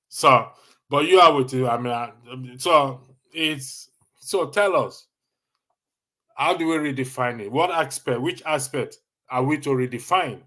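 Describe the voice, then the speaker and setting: A man's voice: a little high, unhurried, bright, forceful tone. A Nigerian man hosting a casual live stream, reading viewer comments with a jokey, teasing manner and frequent laughter.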